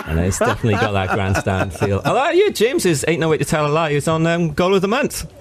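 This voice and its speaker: A man's voice: on the high side, wildly swooping pitch, a little fast, very noisy. A man from Wales talking as a musician guest on a radio show, laid-back and earnest, often laughing. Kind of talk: casual radio interview chat. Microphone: studio microphone.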